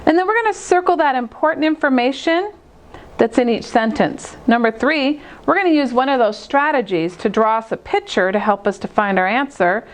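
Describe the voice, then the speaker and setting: A woman teacher with a high, light voice walks young children through a math lesson. She explains each step slowly and clearly, the way she would in a classroom. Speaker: second grade teacher. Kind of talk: recorded math lesson for kids.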